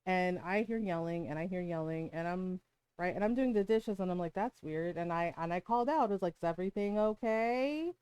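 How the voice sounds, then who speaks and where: A woman's voice: lowish voice, a little fast, darkish tone, clean tone, no echo, poor audio. A middle-aged woman streamer telling a personal story in casual, heated talk, often swearing and tagging "right?" onto her sentences. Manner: heated, profane, rhetorical "right?" asides. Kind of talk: casual storytelling while gaming.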